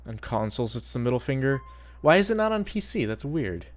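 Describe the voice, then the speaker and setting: A man's voice: medium pitch, very animated, a little fast. Crude joking gaming streamer, man. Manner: crude, joking, swears a lot. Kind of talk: casual gameplay commentary.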